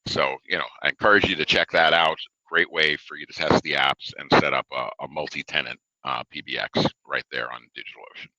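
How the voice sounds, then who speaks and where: A low-pitched man talks through a product webinar in an easygoing, chatty way, full of "uh" and "you know." His voice is bright and forward, and the sound is dry and close with no room echo. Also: fairly even intonation, a little fast, few pauses, highs cut off. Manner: loose and conversational, many fillers. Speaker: webinar presenter. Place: home or office desk, reading a live chat.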